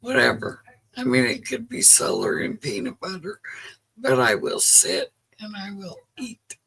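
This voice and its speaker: Telling stories in casual chat, this middle-aged livestream host laughs frequently. She speaks unhurriedly in a mid-range, creaky, slightly rough voice with a fairly bright tone and huge pitch swings, over poor audio.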